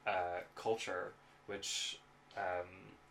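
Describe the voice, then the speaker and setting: A man's voice: deep voice, flat delivery, drawn-out words, vocal fry, bright, forceful tone, slight background noise. An Irish man co-hosting a podcast, talking in a chatty, casual way, swearing freely and laughing often. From Ireland. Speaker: podcast co-host. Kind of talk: casual chat.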